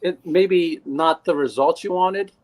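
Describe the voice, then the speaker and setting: A man on a panel speaking earnestly in a casual discussion, halting and restarting his sentences. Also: fairly high pitch, a little mellow. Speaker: panel guest.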